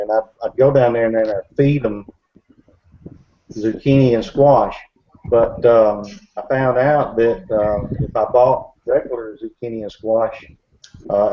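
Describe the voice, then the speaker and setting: A man telling a story in casual talk, rambling with many fillers and restarts. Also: on the low side. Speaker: bigfoot researcher. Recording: dull recording with faint hiss.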